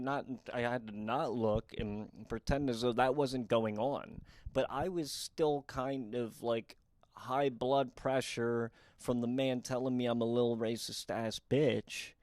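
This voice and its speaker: Young man, comic storyteller, deadpan wry delivery, mid voice, dry close sound. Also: mid-range voice, no echo. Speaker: comedic storyteller. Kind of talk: storytime comedy monologue.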